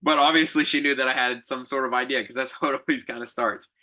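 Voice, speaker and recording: A man's voice: medium pitch, fairly even intonation, quick pace, pushed and bright. A young adult man hosting a podcast, telling a reflective story in a rambling casual way, with fillers, self-corrections and light laughs. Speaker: podcast co-host.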